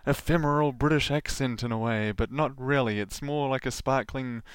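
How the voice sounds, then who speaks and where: A man's voice: mid-range voice, normal speed, clean tone, dry recording, studio quality, close to an everyday voice. A man voicing a posh upper-class young British woman in a vague put-on posh accent, airy and gushing, trailing off.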